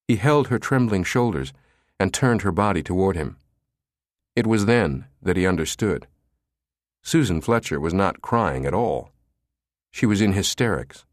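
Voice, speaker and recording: A man narrating an audiobook in a measured, even storytelling manner, close to a studio mic. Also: deep voice, dry recording.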